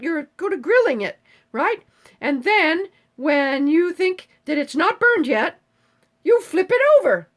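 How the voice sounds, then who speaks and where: High-voiced woman in her seventies, salty and chatty. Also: a bit bright. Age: 70s. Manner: chatty, salty, swears casually. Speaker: host of a live stream. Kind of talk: casual live-stream chat reading viewer comments.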